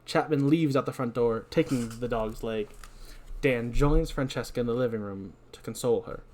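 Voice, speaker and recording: A podcast host recaps a movie scene by scene, telling it with animation and dropping self-deprecating asides. He has a medium-pitched voice and talks at a normal speed.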